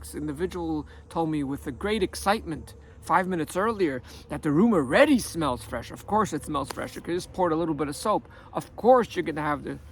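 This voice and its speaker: A man working as a life coach who tells a story in an animated way and acts out the dialogue. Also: sits high, a little hiss or hum. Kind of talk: storytelling monologue.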